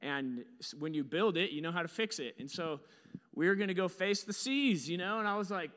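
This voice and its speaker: A man's voice: high-pitched, lively intonation, brisk, fairly bright tone, in a large hall. A young man telling a story with slides in a casual, rambling way. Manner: casual, rambling, lots of fillers.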